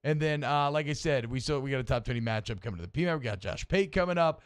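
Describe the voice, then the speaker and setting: A man's voice: medium pitch, rapid-fire, clear, resonant tone. A man co-hosting a sports radio show, chatting casually and ranting with rising energy. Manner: animated, rambling, rants with rising energy.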